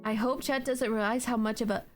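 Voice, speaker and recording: A woman's voice: fairly high pitch, fairly even intonation, fairly quick, loud music behind the voice. Playful, rambling young woman streamer. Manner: rambling and playful, with many "like" fillers and yawning. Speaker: Twitch streamer. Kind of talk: casual live-stream chat, reading chat aloud.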